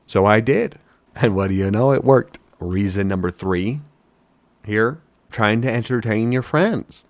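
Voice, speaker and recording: A young man, a wedding DJ, talking in a casual, jokey, mock-boastful way about his deep announcer voice. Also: a little slow. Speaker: wedding DJ and hobby voice actor. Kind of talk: casual self-mocking vlog talk.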